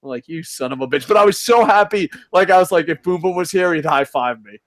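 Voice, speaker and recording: A man co-hosting a wrestling podcast, talking in a profane, rambling, excitable way. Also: high voice, quick pace. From United States. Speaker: podcast co-host. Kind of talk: casual wrestling chat.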